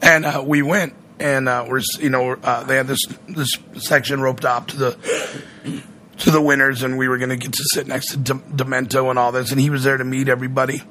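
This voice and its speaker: Male radio personality, casual rambling storyteller, bright forceful tone. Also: medium pitch, little pitch movement, brisk, slight background noise. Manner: rambling, acts out quoted voices.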